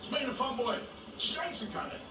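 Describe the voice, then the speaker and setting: Caller impersonating an excitable sports radio host, high, brash patter, roomy and far. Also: male voice, brisk, heavy background noise. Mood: hyped. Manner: hyped, shouty presenter patter. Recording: roomy, distant, music behind.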